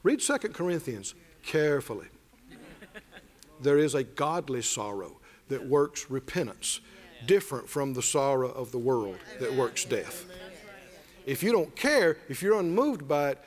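A man's voice: medium pitch, very animated, measured pace. A man preacher delivering a sermon with call-and-response and humorous, folksy storytelling. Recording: reverberant church hall.

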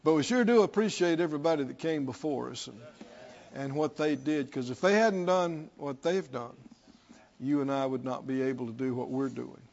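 A man's voice: medium pitch, moderate pace, gravelly, darkish tone, highs cut off. A man preaching a sermon, reading scripture and repeating questions to his listeners with rising fervor.

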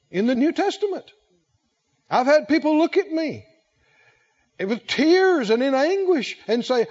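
Man preaching, high voice, slow deliberate pace, emphatic call-and-response, dull lo-fi recording. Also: a little mellow. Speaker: pastor. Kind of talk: sermon.

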